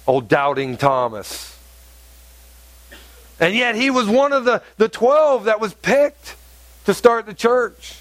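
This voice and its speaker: Male pastor, high voice, animated conversational sermon, dry close recording. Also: takes it slowly, long pauses, dry recording. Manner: conversational, animated preaching with acted-out quotes.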